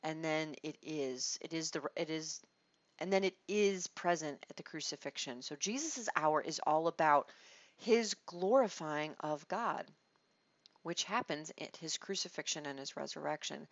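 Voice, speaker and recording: A woman teaching a Bible study in a conversational, expressive way, restarting her phrases as she thinks. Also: low-pitched, unhurried, dry recording. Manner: expressive, acts out quoted lines, restarts phrases. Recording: dull lo-fi dry recording.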